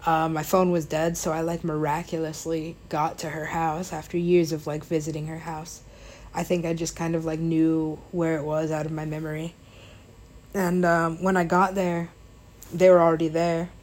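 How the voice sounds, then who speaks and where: A woman's voice: low-pitched, completely flat delivery, moderate pace, a little mellow. A young woman casually telling a personal story, rambling with lots of fillers, laughing and swearing along the way.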